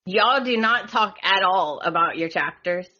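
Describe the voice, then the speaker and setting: A woman's voice: medium pitch, unhurried, bright, forceful tone, muffled recording. A woman with a heavy Southern US accent, a podcast guest in casual chat, hesitant and giggly. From southern United States.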